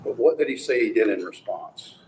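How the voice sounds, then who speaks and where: A man giving a courtroom closing argument to a jury, forceful and rhetorical, often mocking the words of the accused. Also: on the low side, expressive, a little fast, roomy sound, slight background noise, poor audio. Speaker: prosecutor.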